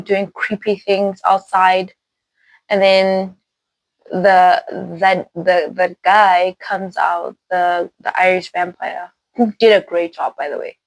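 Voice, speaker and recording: A woman hosting a casual spoiler recap of a film, talking in an animated, rambling way, with laughs and restarts. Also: medium pitch, dry recording, poor audio. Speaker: movie reviewer host.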